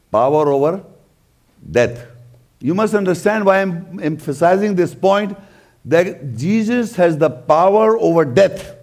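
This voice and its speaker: A man's voice: high-pitched, a little mellow. A man giving a religious talk, explaining scripture verse by verse and stressing key points by repeating them. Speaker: religious lecturer. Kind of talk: scripture commentary.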